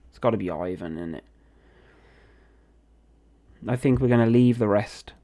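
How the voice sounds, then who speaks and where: A man's voice: on the low side, normal speed, warm tone. A young man, chatting casually and reacting aloud as he plays a football management game. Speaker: gaming video host.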